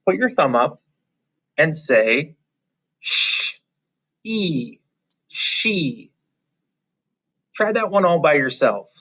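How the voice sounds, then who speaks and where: A man teaching a phonics lesson to young children, patient and encouraging, drawing out letter sounds slowly and clearly. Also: a little high, big pitch swings, fairly bright tone. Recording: slightly dull, lo-fi.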